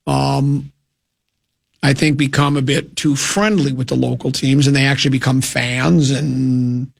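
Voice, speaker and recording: Middle-aged male sports radio host, slightly high and gravelly, rambling storyteller. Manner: rambling storytelling with many restarts.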